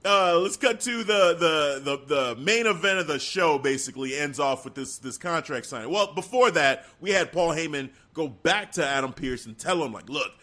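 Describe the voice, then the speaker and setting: Animated man recapping wrestling. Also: on the high side, moderate pace, hardly any pauses. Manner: animated, acts out quotes, laughs often. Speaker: podcast co-host. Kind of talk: casual wrestling recap chat.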